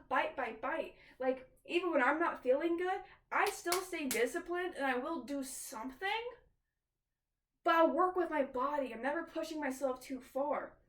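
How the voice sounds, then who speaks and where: A woman's voice: high-pitched, distant mic. A woman vlogging casually from her kitchen, talking candidly and swearing freely as she speaks straight to her viewers. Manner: candid, swears often, talks to viewers directly. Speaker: tarot vlogger. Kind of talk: casual confessional vlog. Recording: roomy echo, off-mic.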